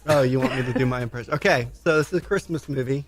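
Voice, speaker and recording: A man's voice: medium pitch, very fast, soft background music. Laughing man guest, self-deprecating. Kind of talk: casual chat.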